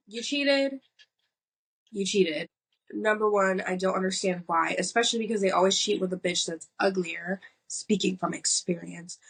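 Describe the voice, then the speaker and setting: A woman in her twenties rants on a podcast, blunt and exasperated, with plenty of swearing. Her voice is husky and a little breathy, at an ordinary middle pitch. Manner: blunt, profane, exasperated ranting. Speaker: podcast co-host. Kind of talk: casual rant chat.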